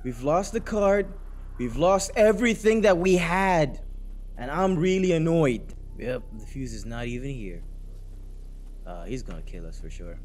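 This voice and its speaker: A young man narrating a horror game as he plays, jumpy and talking to viewers, going from hushed mutters to panicked shouts, his voice getting worn. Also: on the high side, lively intonation, unhurried, a little hiss or hum. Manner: talks to viewers while playing. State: losing his voice. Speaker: gaming YouTuber. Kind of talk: horror game let's play commentary. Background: game music.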